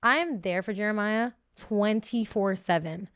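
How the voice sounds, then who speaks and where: A woman's voice: medium pitch, a little slow, a bit bright, clear, resonant tone, dry recording, studio quality. A woman in her twenties, a guest telling her story in casual chat, emotional and full of fillers.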